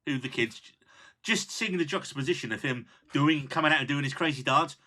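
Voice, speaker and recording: A man's voice: on the high side, a little fast. A man hosting a podcast in casual chat, joking with his co-hosts. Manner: animated, jokey. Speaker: podcast host.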